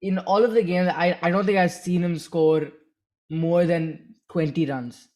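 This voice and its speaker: A man's voice: high voice, fairly even intonation, unhurried, a little mellow. A man co-hosting a cricket podcast, talking in a rambling, hesitant way as he searches for words. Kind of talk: casual sports chat.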